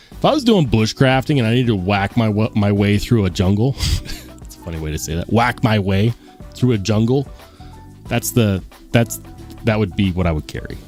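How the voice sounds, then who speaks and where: Low-ish voiced guy running a live stream, chatty and loose, faint music behind. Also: a little mellow. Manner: rambling, chatty, addresses viewers as guys. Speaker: livestream host. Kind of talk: casual live-stream chat.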